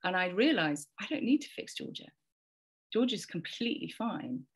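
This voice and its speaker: A woman's voice: medium pitch, sing-song, moderate pace, slightly rough. A woman in her forties telling a rambling, heartfelt parenting story in a casual conversation, often repeating words and quoting herself and others. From England. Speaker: podcast guest sharing a parenting story.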